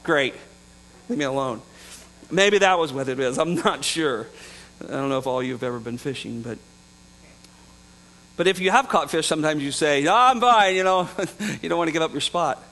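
Pastor, male, light high voice, chatty preaching with chuckles and acted-out dialogue, slight mains hum. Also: normal speed, long pauses, fairly bright tone, low-quality recording. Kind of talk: sermon.

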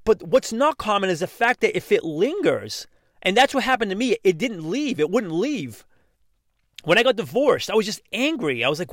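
A man's voice: sits high, fairly bright tone, dry recording, studio quality. A middle-aged man giving an earnest personal motivational talk, emphatic and repeating his key lines. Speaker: motivational speaker.

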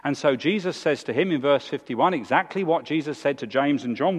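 A man, preaching a sermon in a church with emphatic, animated delivery. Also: a little fast, slightly rough. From England. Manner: animated, emphatic preaching with big swings in pitch. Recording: long hall reverb.

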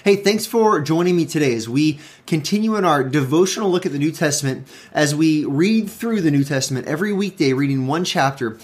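A man's voice: on the high side, lively intonation, a little fast, few pauses. A man who is a pastor, giving a conversational devotional Bible talk and often restarting and rephrasing his points with emphasis.

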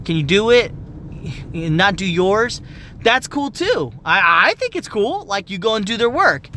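A young adult vents in a heated, swear-filled rant. The voice is bright and sharp, with pitch that swings widely. A low vehicle rumble runs faintly behind. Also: big pitch swings, unhurried. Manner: heated, profane, exasperated. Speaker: medical office worker. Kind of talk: ranting monologue.

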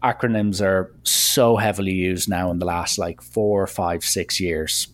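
A young Irish man hosting a podcast, chatting casually and pausing often to search for words. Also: sits low, steady tone. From Ireland. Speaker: podcast host. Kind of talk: casual chat.

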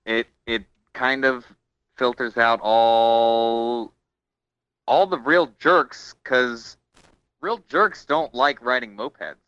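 A man's voice: medium pitch, takes it slowly, a bit bright, smooth, no echo, muffled recording. A man calling in as a guest for a casual chat, playful, with drawling cowboy-style greetings.

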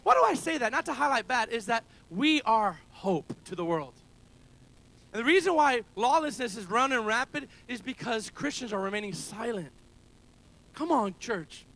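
Very animated and speaking at normal speed, this pastor has a very high, bright, forceful voice. Preaching to a congregation meeting in a school building, he draws amens from them and climbs to loud, emphatic shouts.

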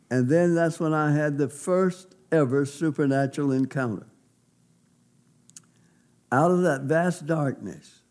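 Male pastor, slightly high voice, emphatic folksy testimony from the pulpit. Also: a little mellow. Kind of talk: sermon testimony.

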